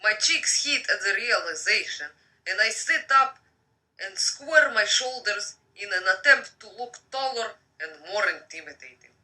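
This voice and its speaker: Slow bright-voiced Russian-accented woman reading. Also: mid-range voice, lively intonation, recorded from a distance, low-quality recording. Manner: slow, breathy-soft reading, flirty asides to viewers. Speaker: live-stream host reading a book aloud. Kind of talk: bedtime story reading with chatty asides. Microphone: phone.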